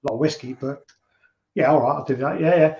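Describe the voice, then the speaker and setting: A man's voice: a little high, brisk, a little mellow, echoey room, highs cut off, lightly acted. A man voicing an eager, blustering male pub customer in a joke.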